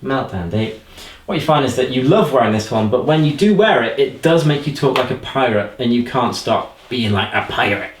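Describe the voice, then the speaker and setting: Male hypnotist, playful, counts down slowly; mid pitch, roomy sound. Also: expressive, a little hiss or hum. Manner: playful, slow commanding countdowns. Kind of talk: hypnotic suggestions. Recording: roomy echo.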